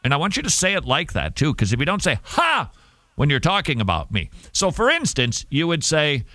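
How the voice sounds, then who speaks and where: A middle-aged male talk show host riffs on the day's stories in a loose, sarcastic commentary style. His pitch leaps around expressively as he jokes. The studio sound is dry and close. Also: normal speed, dry recording. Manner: animated, sarcastic, jokey asides.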